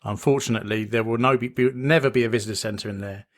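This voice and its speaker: A man's voice: on the low side, fairly even intonation, fast. A man co-hosting a podcast in casual chat, rambling, restarting and joking. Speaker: podcast co-host.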